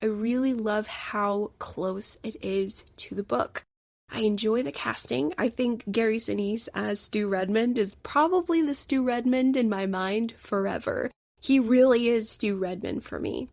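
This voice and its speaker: A woman with a mid-range voice hosts a solo podcast, giving a casual review with no room sound. Chatty, enthusiastic and opinionated, she talks to her listeners and calls them "guys."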